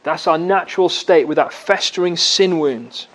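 A man preaching a sermon in an earnest way, with dramatic rises and drops in his voice. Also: normal speed. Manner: earnest, with dramatic swings in pitch and volume.

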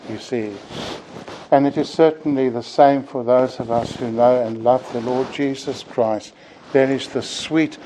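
A man preaching an evening sermon in an earnest, deliberate way, often closing his points with "you see". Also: medium pitch, a little mellow, slight background noise, rough recording.

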